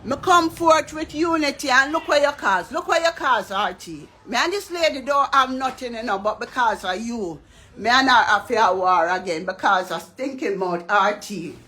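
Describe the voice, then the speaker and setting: A woman's voice: a little high, expressive, normal speed, bright, forceful tone, echoey room, a little hiss or hum, rough recording. A woman with a Jamaican accent, ranting and taunting in a vlog with heavy patois. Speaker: vlogger. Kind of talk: ranting monologue.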